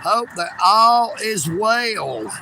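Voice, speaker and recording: Brief: a folksy man streaming outdoors, slow, gravelly, with traffic noise. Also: sits high, lively intonation. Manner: folksy, greets viewers by name. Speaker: livestream host. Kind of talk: casual outdoor live-stream chat. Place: outdoors near railroad tracks.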